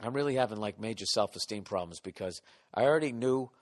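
A man's voice: on the low side, fast. Swearing storyteller man, reverb-washed. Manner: animated, swearing, mock-ranting. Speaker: podcast host. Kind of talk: profane comic storytelling.

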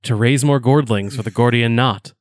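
A man voicing a tall, eerie skeleton that tends a circle of giant pumpkins, speaking in a calm, menacing way. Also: mid-range voice, moderate pace, no echo, studio quality, close to an everyday voice. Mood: cold, dismissive.

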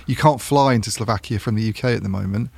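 Gravelly low-voiced man chatting. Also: fast talker, dry recording. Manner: relaxed, rambling with restarts. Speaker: podcast co-host. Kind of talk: casual chat.

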